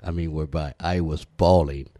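A man with a very low, dark voice speaks in a folksy, preachy way. The sound is dry and close, with no room around it. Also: steady tone, normal speed, no room sound. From United States. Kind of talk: casual timed monologue.

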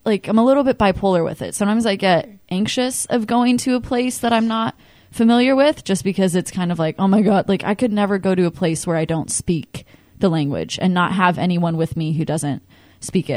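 A woman's voice: lowish voice, a little mellow, dry recording. Chatty young woman from California, dry sound. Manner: rambling, heavy use of "like". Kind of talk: casual chat.

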